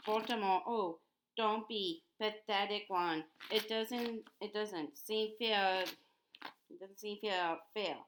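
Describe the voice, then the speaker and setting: A woman's voice: medium pitch, takes it slowly, slight background noise, close to an everyday voice, low-quality recording. A woman reading an earnest teenage schoolgirl witch. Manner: insistent, restarting often.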